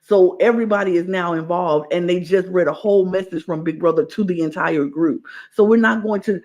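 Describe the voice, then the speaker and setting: A man's voice: high voice, normal speed. A man co-hosting a reality TV podcast, ranting emphatically and repeating himself in casual chat. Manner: animated, emphatic ranting with repetitions. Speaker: podcast co-host.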